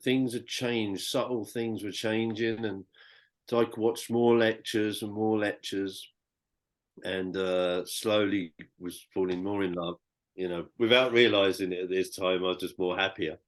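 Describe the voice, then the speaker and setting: A man's voice: on the low side, steady tone, unhurried. A British man, a podcast guest, telling his personal story in a rambling, heartfelt way with many restarts. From Britain.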